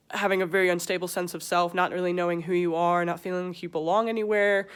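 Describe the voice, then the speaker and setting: A young woman with a British accent talking frankly in a personal vlog, pausing often and searching for words. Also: mid-range voice, smooth. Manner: frank, halting, with pauses and fillers. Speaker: vlogger. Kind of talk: candid personal vlog talk.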